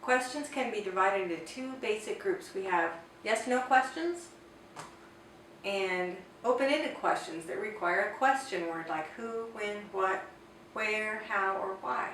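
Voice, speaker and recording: A woman explaining grammar in an online language lesson, slowing down carefully to model example sentences. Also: mid-range voice, fairly bright tone. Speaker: Spanish teacher. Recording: echoey room, distant mic, faint noise.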